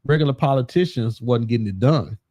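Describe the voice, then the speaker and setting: A man talking as a guest on a casual political talk show, relaxed and given to repeating his words. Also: medium pitch, a little fast, no room sound.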